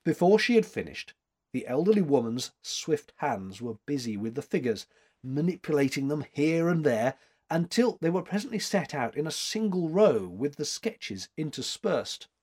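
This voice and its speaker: A man narrates an audiobook with measured, expressive storytelling. His husky voice sits a little high and moves with lively intonation, at an unhurried pace.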